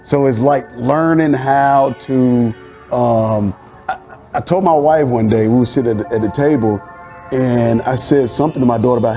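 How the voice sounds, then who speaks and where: Animated storytelling pastor, man. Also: mid-range voice, unhurried, soft background music. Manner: animated storyteller, acting out family dialogue with laughter. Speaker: pastor and host. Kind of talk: casual conversation.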